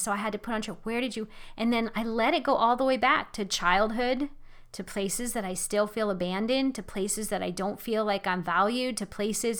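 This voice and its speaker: Bright-voiced woman giving earnest devotional teaching. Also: medium pitch. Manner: earnest, exhorting, conversational with fillers. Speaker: Christian teacher.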